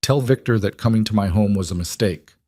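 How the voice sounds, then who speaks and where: Brief: flat, emotionless mafia boss, read by a man, low-pitched, dry close sound. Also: fairly quick, dry recording, close to an everyday voice. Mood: cold. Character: cold, guarded male crime boss.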